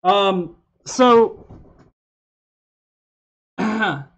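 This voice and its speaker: A man's voice: sits high, very slow, a bit bright, highs cut off. A man hosting a casual livestream, rambling and swearing, with lots of fillers and restarts. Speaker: livestream host.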